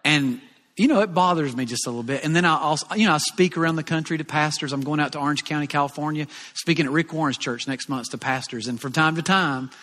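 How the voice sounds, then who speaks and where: A man from Alabama with a Southern accent, preaching a sermon in a folksy, animated, jokey way. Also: fairly high pitch, quick pace, few pauses. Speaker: pastor. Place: church auditorium. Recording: long reverb of a large church hall.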